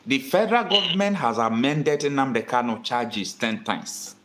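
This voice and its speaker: A man's voice: medium pitch, animated, moderate pace, fairly bright tone. A Nigerian man hosting a call-in political talk show, earnest and repeating his points for emphasis. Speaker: host taking callers.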